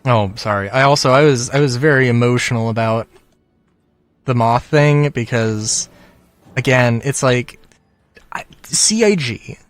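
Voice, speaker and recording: In a casual rant to camera, a gaming commentator with a medium-pitched voice grumbles about a game, rambling with lots of fillers, sighs, and quick laughs between phrases. There's no echo on the recording.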